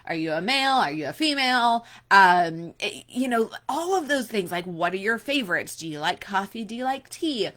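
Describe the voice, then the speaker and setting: A woman's voice: medium pitch, animated, moderate pace, few pauses, a bit bright. A woman in her forties coaching listeners in a casual workshop, chatty and upbeat, speaking straight to the listener. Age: 40s. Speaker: online business coach.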